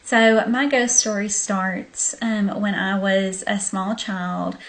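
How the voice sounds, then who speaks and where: Late at night, a young vlogger from Arkansas with a Southern accent tells her viewers a story, chatty and casual, addressing them directly in a friendly way and saying um a lot. Her medium-pitched voice is fairly even and slow.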